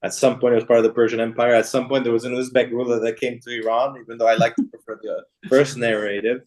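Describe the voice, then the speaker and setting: A man's voice: medium pitch, level tone, fast talker, darkish tone. A middle-aged man, a guest in a casual interview, talking in a rambling way with many fillers and restarts.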